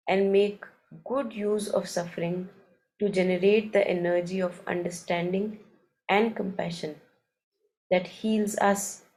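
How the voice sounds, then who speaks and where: A woman leading a morning meditation, reading passages aloud and reflecting on them in a calm, unhurried, thoughtful way. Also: mid-range voice, rough recording. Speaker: meditation session leader.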